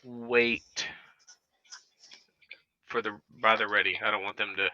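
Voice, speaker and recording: A man's voice: on the low side, steady tone, takes it slowly, sharp tone, dry recording. A man playing a tabletop game, hesitant and unsure of the rules. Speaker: player. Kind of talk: casual tabletop play. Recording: dry, dull mic.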